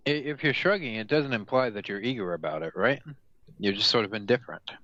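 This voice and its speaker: A podcast co-host who laughs often and throws in quick quips about the story being read. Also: medium pitch, animated, a bit bright, slight background noise. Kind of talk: casual chat. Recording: dull dry lo-fi mic.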